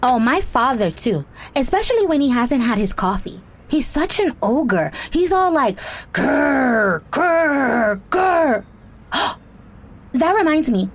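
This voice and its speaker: A woman voices an excitable young girl who chatters quickly. Her voice is high and lively. It is an audio drama role. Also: exaggerated voice. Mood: excited. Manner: rapid chatter.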